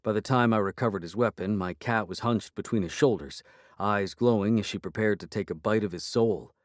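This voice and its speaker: A man reads a first-person audiobook in a measured, storytelling way. His voice sits low. The recording is close and dry, with no room sound. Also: no echo. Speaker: audiobook narrator.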